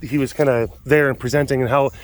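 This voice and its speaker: A man's voice: medium pitch, steady tone, quick pace. A man hosting a webcast from an animal compound outdoors, chatting in a rambling way with lots of fillers, laughing often and acting out quotes. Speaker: host of a wild animal facility webcast. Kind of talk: rambling casual chat.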